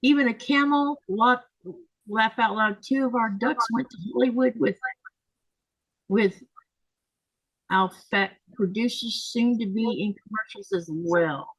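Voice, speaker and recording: A tired woman hosts a casual live sewing stream, reading viewer comments aloud and answering them in a chatty way. Her voice sits on the higher side, and the recording is dry and close. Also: a little slow, long pauses, a bit bright, husky, dry recording, rough recording. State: tired, keeps yawning.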